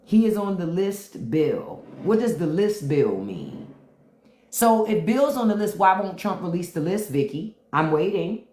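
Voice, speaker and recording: This livestream host has a warm voice on the low side, very animated and a little slow. Blunt and taunting in AAVE, she delivers unfiltered commentary and asks commenters her question again and again, her mic echoing as if in a roomy space.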